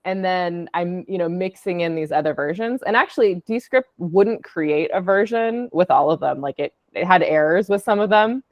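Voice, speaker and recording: A chatty woman with a slightly low voice talks through her creative projects, upbeat and full of fillers. Her sound is dry and a little muffled, like audio from an online call. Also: moderate pace, few pauses, a little mellow, no echo. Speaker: podcast producer and audio artist. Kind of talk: casual presentation.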